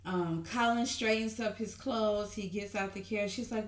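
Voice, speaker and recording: A woman giving an excited, gushing TV recap to her viewers, calling them honey and y'all in an animated way. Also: medium pitch, moderate pace, few pauses. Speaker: TV recap vlogger. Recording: roomy echo.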